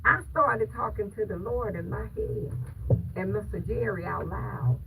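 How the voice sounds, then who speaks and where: A woman's voice: medium pitch, a little slow. A woman telling her viewers a story in an emphatic, preachy way, often stopping to ask if they hear her. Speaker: vlogger. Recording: distant mic with clear background noise.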